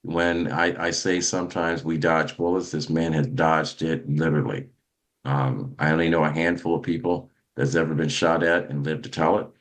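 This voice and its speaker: A man's voice: rumbling low, steady tone, normal speed. A man hosting a motivational podcast, talking in an emphatic, preachy way with frequent restarts. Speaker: host.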